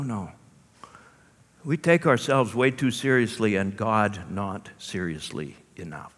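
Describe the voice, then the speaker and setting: A male pastor preaching a sermon with animated storytelling and rhetorical asides, in a church hall. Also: fairly low pitch, takes it slowly. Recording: long hall reverb.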